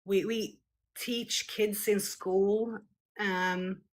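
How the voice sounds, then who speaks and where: Slow, hesitant woman. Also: medium pitch, steady tone. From Scandinavia. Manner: hesitant, searching for words, many fillers. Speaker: street interviewee. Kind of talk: casual conversation.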